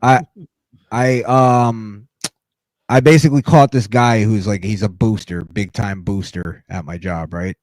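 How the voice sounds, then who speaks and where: A man's voice: lowish voice, fairly even intonation, measured pace, darkish tone, no echo. A man in casual chat, telling a laid-back, profane story about his job. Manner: laid-back, profane, does voices in anecdotes.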